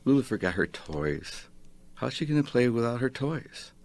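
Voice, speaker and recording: A man's voice: medium pitch, very animated, normal speed, vocal fry, a little mellow. A man reading aloud, voicing a small child who asks worried questions about a lost dog. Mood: worried, curious. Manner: eager, plaintive questions. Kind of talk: reading a poem aloud on radio.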